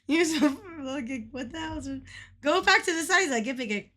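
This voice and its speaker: A woman's voice: high-pitched, lively intonation, a little fast, sharp tone. A woman livestreaming a game who chats casually with her viewers, greets them by name, swears freely and laughs constantly. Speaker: streamer.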